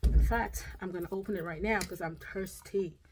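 A woman's voice: fairly low pitch, steady tone, normal speed, noisy background. A woman chatting casually through a grocery haul at home, drawn out and often checking in with "okay?". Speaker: vlogger. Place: home, indoors.

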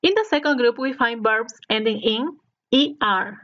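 A woman narrating a scripted language lesson as the teacher, speaking slowly and clearly so learners can repeat after her. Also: fairly high pitch. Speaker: Spanish teacher. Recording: dull lo-fi recording.

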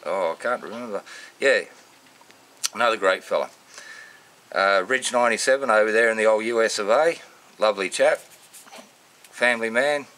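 Slangy Australian man, low voice. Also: moderate pace, long pauses, bright, forceful tone. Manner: matey, rambling, full of slang. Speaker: vlogger. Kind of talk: casual unscripted shout-outs.

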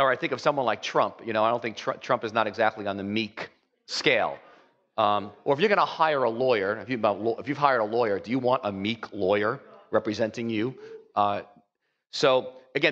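A man's voice: lowish voice, a bit bright. A man preaching a sermon in a loose, conversational way, full of "you know" asides and little acted-out voices. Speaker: pastor. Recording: dull, echoey hall recording.

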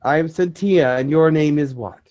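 A man channeling a spiritual message to a small community, speaking in a measured, solemn way. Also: fairly high pitch, a little mellow.

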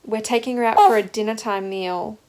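A woman's voice: on the high side, brisk, darkish tone, rough recording. A young woman vlogging candidly about life as a new mother, reflective and open, with ums and restarts. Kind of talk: casual personal vlog.

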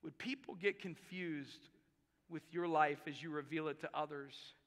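A man's voice: on the high side, measured pace, a bit bright. A male pastor preaching a sermon in a church, emphatic and repeating key phrases for effect. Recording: long reverb of a large hall.

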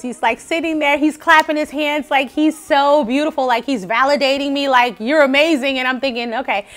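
A woman vocal coach talking chattily in a casual vlog, animated and often laughing. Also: sits high.

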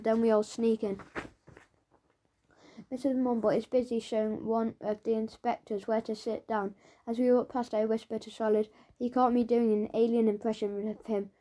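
A woman reads a children's audiobook aloud in the voice of a schoolboy telling his own story. Her delivery is lively and playful, sitting a little high with a soft, mellow tone. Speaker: audiobook narrator.

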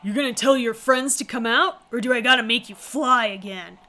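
A woman voicing a towering male mercenary in a game with a put-on Southern US accent, gruff and mocking. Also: fairly high pitch, a little fast, sharp tone, soft background music. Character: towering brutish male mercenary with mechanical fists.

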